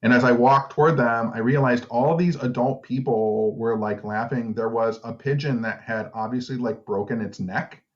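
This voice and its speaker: A man's voice: mid-range voice, normal speed, hardly any pauses. A man with a Detroit accent, co-hosting a podcast, telling a story in casual chat with lots of swearing. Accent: Detroit, Michigan. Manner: swearing storyteller, animated quoting. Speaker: podcast co-host. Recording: slightly dull lo-fi sound.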